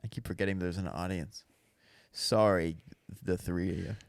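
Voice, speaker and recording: A man's voice: low voice, steady tone, gravelly, no echo. Joking young man in a dry booth. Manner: joking, quotes characters in slow dramatic voices. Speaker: podcast co-host, comedian. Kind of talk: casual comedic chat.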